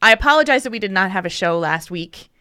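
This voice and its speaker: Bright-voiced woman hosting a podcast. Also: medium pitch, expressive, fast talker, clear, resonant tone, no echo, studio quality. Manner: open and candid, laughing often. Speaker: podcast host. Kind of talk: casual podcast chat.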